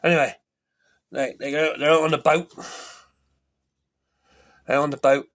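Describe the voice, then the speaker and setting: A man's voice: on the high side, steady tone, measured pace, a bit bright. A man casually retelling a film plot as a reviewer. He rambles with enthusiasm, repeats phrases and breaks off mid-sentence.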